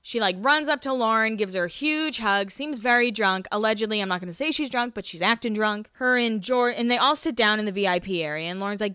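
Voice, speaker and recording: A woman's voice: fairly high pitch, brisk, few pauses, sharp tone, smooth, dry recording, studio quality. A woman hosting a podcast, recapping in casual chat, rambling, swearing and laughing at herself. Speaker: podcast host.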